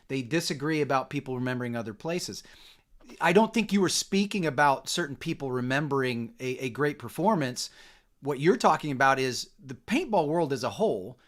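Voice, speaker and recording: A man's voice: a little high, a bit bright. A man hosting a podcast about coaching, summing up his guest's points in casual talk. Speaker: podcast host.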